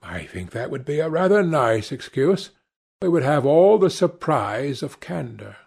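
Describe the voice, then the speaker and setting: Drawling witty aristocrat, slow unhurried delivery, lively pitch, husky edge, as a man reads him. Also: exaggerated voice. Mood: amused. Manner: drawling, epigrammatic. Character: witty languid aristocratic gentleman.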